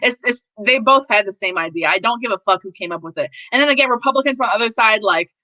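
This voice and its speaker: A woman's voice: a little high, expressive, fast, pushed and bright, no room sound, rough recording. A woman hosting a casual political live stream, talking bluntly and animatedly with plenty of profanity. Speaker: host.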